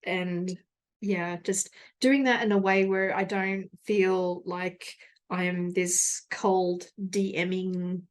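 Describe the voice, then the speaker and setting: A woman's voice: on the low side, little pitch movement, takes it slowly. Brief: woman in her thirties, solo podcast host, candid and rambling, self-mocking, frequent laughter.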